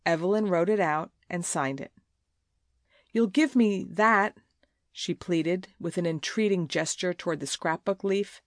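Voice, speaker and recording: A woman narrating a novel aloud in an even, measured reading. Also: on the low side, no echo. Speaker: audiobook narrator. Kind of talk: scripted narration. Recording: dry close recording.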